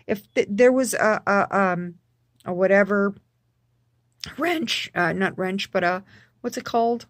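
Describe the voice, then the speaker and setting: Woman vlogger, unhurried, halting delivery with restarts, dry sound. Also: mid-range voice, expressive, no echo. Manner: halting, full of restarts and repeated words; emphatic, repeats for stress. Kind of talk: casual personal vlog.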